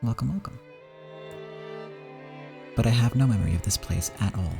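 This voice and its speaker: A man's voice: lowish voice, fast, creaky, over music. A man streaming a visual novel playthrough, narrating it in the first person with dramatic reading that sinks to whispers at tense moments.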